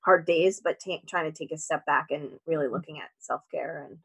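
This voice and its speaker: A woman co-hosting a casual conversation, speaking calmly and thoughtfully. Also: sits low, fairly quick, vocal fry, husky, low-quality recording.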